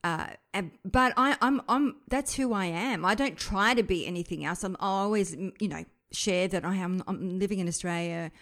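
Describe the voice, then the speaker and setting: A woman's voice: mid-range voice, fairly bright tone. A woman podcast host from the south of France, a native French speaker, who talks reflectively with many restarts. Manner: reflective, halting with frequent restarts. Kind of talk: conversational podcast interview.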